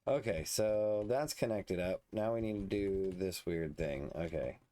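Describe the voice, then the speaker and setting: A man's voice: sits low, a little slow, dark tone. A man casually commenting on his gameplay, muttering and thinking aloud as he builds. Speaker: let's play host.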